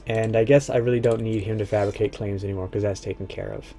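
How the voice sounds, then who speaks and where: Mellow-voiced man muttering through a game. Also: steady tone, fast, creaky, faint music behind. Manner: muttering to himself, trailing off low. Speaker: streamer playing a strategy game. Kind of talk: casual thinking aloud while gaming.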